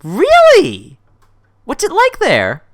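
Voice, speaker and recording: Woman interviewer, gushing and excitable, stumbles over words; lively, swooping pitch, dry close sound. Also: slow pace, no echo. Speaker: show host and interviewer. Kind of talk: casual interview.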